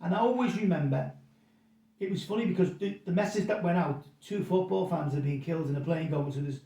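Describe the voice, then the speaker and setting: A middle-aged man rambles through stories and stumbles over repeated words. His voice sits a little high. He sounds set back from the mic in a roomy, echoing space. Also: fairly quick, mellow, distant mic. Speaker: pub landlord guest. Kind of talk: casual storytelling interview.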